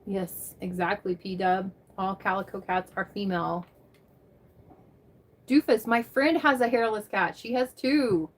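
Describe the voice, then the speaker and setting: A woman's voice: medium pitch, a little slow. A woman livestreamer chatting casually and rambling as she answers viewers by name. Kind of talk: casual chat reading live comments.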